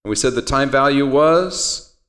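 A man's voice: medium pitch, moderate pace, fairly bright tone. A man teaching an options trading class, talking conversationally, quizzing the students and telling everyday stories. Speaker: trading instructor. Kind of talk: classroom lecture.

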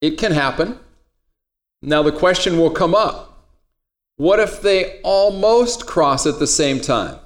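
A man's voice: fairly high pitch, expressive, takes it slowly, long pauses. A man teaching a trading class in a classroom, casual and joking as he talks straight to his students. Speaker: trading instructor. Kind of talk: classroom lecture.

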